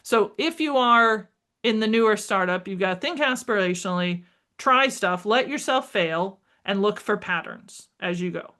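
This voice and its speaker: A middle-aged woman, a marketing strategist, talking as a podcast guest, energetic and emphatic, acting out bits of dialogue. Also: mid-range voice, moderate pace. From United States. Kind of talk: conversational interview.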